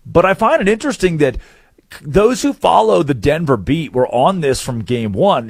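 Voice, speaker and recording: A man's voice: on the high side, animated, brisk, breathy edge, no room sound, clean studio sound. A man hosting a sports talk show, chatty and steering the segment, tossing questions to his co-host. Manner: chatty, leads the segment, quotes people in a mock voice.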